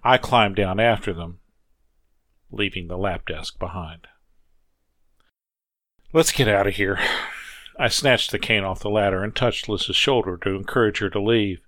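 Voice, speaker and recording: A man reads a first-person story aloud in a measured, reflective way. His voice sits on the low side, and the recording is dry and close with no room sound. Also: a bit bright, no echo. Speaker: audiobook narrator.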